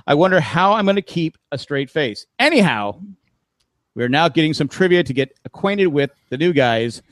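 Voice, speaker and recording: A man's voice: fairly high pitch, expressive, measured pace, a bit bright, no room sound. A middle-aged man hosting a casual podcast, telling stories with laughs and acting out what other people said. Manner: storytelling with laughs, acts out quoted voices. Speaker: podcast host.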